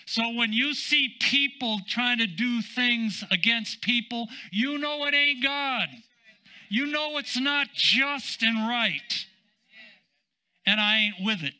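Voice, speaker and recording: An older man, a senior pastor, preaching a sermon in an emphatic, drawn-out way with casual asides. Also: very high-pitched, pushed and bright, low-quality recording.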